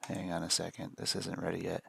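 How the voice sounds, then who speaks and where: A man's voice: low-pitched, completely flat delivery, brisk, vocal fry, pushed and bright, breathy edge. A middle-aged man hosting a live day trading stream, chatting casually and thinking aloud over his charts. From United States.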